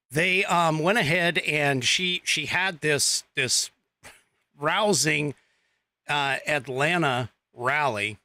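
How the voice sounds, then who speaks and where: This political monologue comes from a male podcast host whose voice is on the high side, bright and forward, and whose pace is slow and stretched out. He meanders, stops often, restarts with lots of fillers, and adds sarcastic remarks. The audio is dry and close, free of room reverb.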